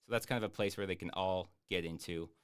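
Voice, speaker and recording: A man chatting casually on a live stream, answering viewer questions in a rambling, jokey way with lots of fillers and deadpan boasts. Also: sits low, fast talker, clear, resonant tone. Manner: hesitant with many fillers. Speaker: YouTube streamer answering chat.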